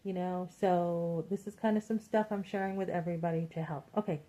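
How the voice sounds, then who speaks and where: Speaking fairly quickly in a mellow, fairly low voice with fairly even intonation, a middle-aged Christian women's vlogger gives a casual motivational talk. The audio is muffled and lo-fi, and she keeps retelling her conversations to encourage other women.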